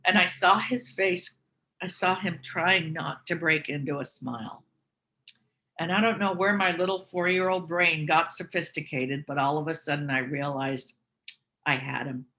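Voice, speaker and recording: A woman's voice: low-pitched, fairly even intonation, normal speed, bright, forceful tone. A woman candidly telling personal stories and reflecting on them as she goes. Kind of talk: personal storytelling.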